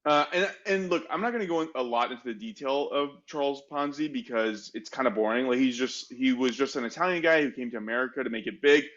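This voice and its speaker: A man co-hosting a history podcast, explaining the story casually with plenty of "like" fillers and self-mocking asides. His voice is medium-pitched. The sound is a bit dull and muffled. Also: fast, hardly any pauses, fairly bright tone. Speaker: podcast co-host.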